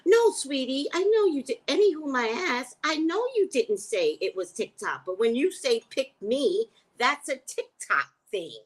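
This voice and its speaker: Animated woman chatting on a livestream. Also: high-pitched, unhurried, few pauses. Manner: animated, chatty, talks back to viewer comments. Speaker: livestream host and psychic reader. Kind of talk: casual livestream chat with viewers.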